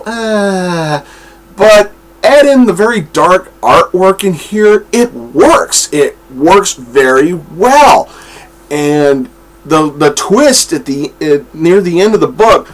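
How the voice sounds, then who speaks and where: A man giving a casual comic book review, enthusiastic and swearing freely, acting out the dialogue he quotes. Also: fairly high pitch.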